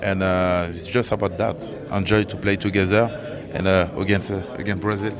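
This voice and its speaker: Low voice guy, english not his first language, halting answers. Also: level tone, a crowd in the background. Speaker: rugby player, interviewee. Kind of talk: casual interview answers.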